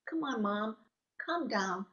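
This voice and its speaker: A woman voicing her young daughter who gently coaxes her upset mother to calm down. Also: a little high, takes it slowly, echoey room, highs cut off. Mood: soothing. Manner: pleading, gentle, coaxing.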